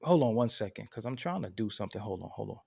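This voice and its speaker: Man venting with big pitch swings. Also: fast, vocal fry, slightly rough, no echo, clean studio sound. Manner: animated venting, swings from low mutters to high outbursts. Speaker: commentary channel host. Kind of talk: casual livestream commentary.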